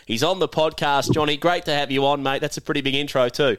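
A man's voice: fairly high pitch, quick pace, fairly bright tone, clean tone, dry recording. Joking Australian man hosting a podcast. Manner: jokey, teasing, laughs often. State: feeling unwell. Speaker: podcast host. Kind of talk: casual chat and quiz hosting.

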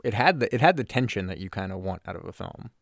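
A man's voice: lowish voice, expressive, fast, no room sound, studio quality. A man co-hosting a podcast, chatting casually about a movie in a rambling way, often restarting his sentences. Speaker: podcast co-host. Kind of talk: casual movie review chat.

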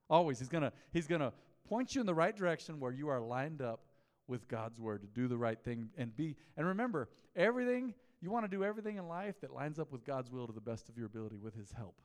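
A man's voice: fairly high pitch, big pitch swings, fast talker, big-room sound. A man preaching a mid-week sermon as pastor, in a conversational style, telling stories and asking the congregation questions. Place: church sanctuary.

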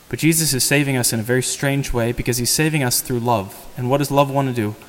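A priest's homily echoes through a church with long reverb; he speaks conversationally and asks the congregation rhetorical questions. He talks quickly in a mid-range voice, pausing little.

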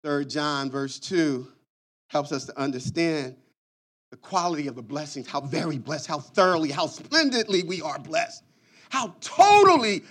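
A man preaching a sermon, calling out to his congregation and stretching out key words for emphasis. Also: a little high. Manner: call-and-response preaching, swooping emphatic delivery.

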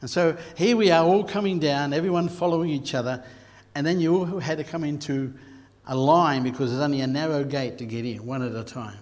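An Australian man preaching a sermon, telling stories and rising to loud bursts. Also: fairly high pitch, fairly quick, few pauses. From Queensland, Australia. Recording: long hall reverb.

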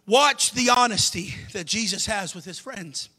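A man preaching a sermon as a pastor, impassioned, swinging between shouted climaxes and hushed, quiet passages. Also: high voice, a little slow, hardly any pauses.

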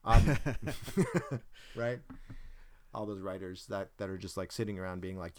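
A man with a smooth, resonant voice, hosting a relaxed conversation. He rambles, trails off while he hunts for the right word, and pokes fun at himself. His voice sits on the low side. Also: a little slow, long pauses. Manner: rambling, searches for words, self-deprecating jokes. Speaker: podcast host. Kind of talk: casual chat.

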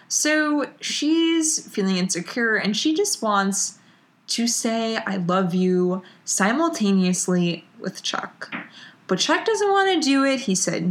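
A woman co-hosting a podcast over a remote call, retelling a TV episode in an animated, chatty way. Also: on the high side, slow pace. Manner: chatty, animated retelling with lots of "like" and quoted lines. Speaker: podcast co-host recapping a TV show. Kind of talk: casual chat.

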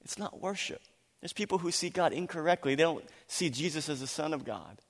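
A man's voice: a little high, brisk. Preaching man in an echoing hall. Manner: animated, acts out voices in quotes, laughs often. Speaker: pastor. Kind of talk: sermon. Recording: long hall reverb.

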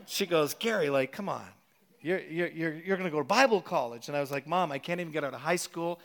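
A middle-aged man preaching a sermon, animated and telling a personal story with acted-out quotes. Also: fairly high pitch, a little fast, gravelly.

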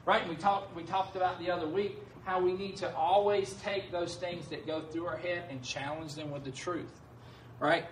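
High-voiced pastor in an echoey hall. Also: male voice, fairly even intonation, moderate pace, slight background noise. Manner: conversational, keeps asking "right?". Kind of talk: sermon. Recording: echoey room heard from a distance.

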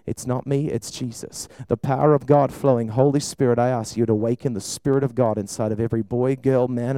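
A man preaching and praying in a church service, fervent, swinging between loud cries and quiet talk. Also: medium pitch, smooth, dry recording, rough recording. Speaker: pastor. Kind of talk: sermon with prayer.

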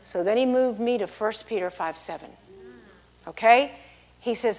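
A woman giving a sermon and personal testimony, swinging between hushed, near-whispered passages and loud, emphatic exclamations as she explains scripture. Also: a little high, moderate pace. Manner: emphatic, expository. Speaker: preacher.

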